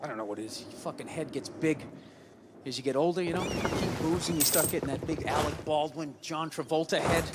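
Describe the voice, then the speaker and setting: A man with a voice on the high side does a brisk stand-up routine, ranting and swearing heavily. He acts out heated arguments in different voices over loud background noise.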